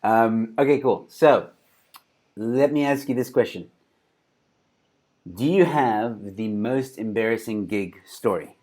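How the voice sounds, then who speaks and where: A man's voice: fairly low pitch, slow, long pauses. A man hosting a casual interview, asking curious questions and reacting freely. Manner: relaxed curious questioning, laughs readily. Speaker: host.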